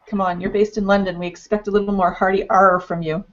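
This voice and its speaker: A woman's voice: medium pitch, flat delivery, fast. A woman hosting a live online panel, playful and bubbly, talking with many fillers over a video call. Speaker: host. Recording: dull lo-fi web stream audio.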